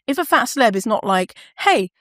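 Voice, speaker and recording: A woman's voice: mid-range voice, measured pace, no echo, studio quality. A woman hosting a casual solo podcast. She talks candidly, swears freely and laughs often. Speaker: podcast host.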